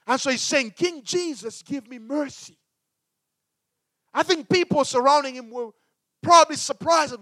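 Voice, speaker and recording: A man preaching a sermon as a pastor, with emphatic delivery that swings between loud and hushed. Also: very high voice, dry recording, studio quality.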